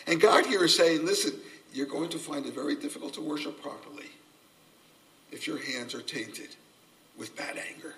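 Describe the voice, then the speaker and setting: A man preaching a sermon, animated, acting out quoted voices and repeating his key phrases. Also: fairly high pitch, far from the mic, low-quality recording. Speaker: pastor.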